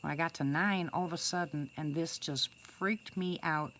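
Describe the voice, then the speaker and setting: An older woman with a low voice tells a long first-person story in a chatty, rambling way, full of restarts and fillers. She speaks to viewers as if chatting with them. Faint crickets and insects chirp in the background. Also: moderate pace, a bit bright, slight background noise. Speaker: storyteller greeting live viewers.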